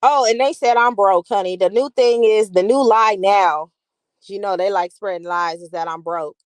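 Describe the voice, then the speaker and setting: A female channel host offers casual commentary to a live chat, chatty and animated as she speaks directly to viewers. Her voice is mid-range at normal speed, and the recording is dry and close.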